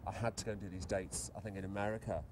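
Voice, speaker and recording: A man's voice: lowish voice, steady tone, racing, background noise. A man from near Liverpool telling his own story candidly, blunt and vivid, swearing freely. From England, near Liverpool. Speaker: interviewee.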